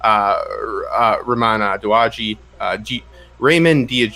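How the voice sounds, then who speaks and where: A man's voice: lowish voice, measured pace, pushed and bright. A man guest on a TV review chat, rambling with lots of fillers and restarts.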